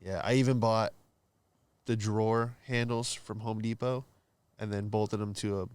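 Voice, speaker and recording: A man guesting on a casual podcast chat, riffing quickly with bro slang and swearing. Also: fairly low pitch, steady tone, darkish tone, smooth, no echo. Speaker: comedian guest.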